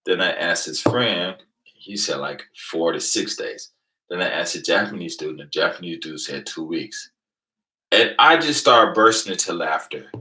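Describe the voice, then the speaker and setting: A middle-aged man from Venice, California, telling a profane, boastful story on a livestream, swinging between low mutters and loud outbursts. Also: animated, normal speed, rough recording. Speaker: livestream host. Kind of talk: casual storytelling.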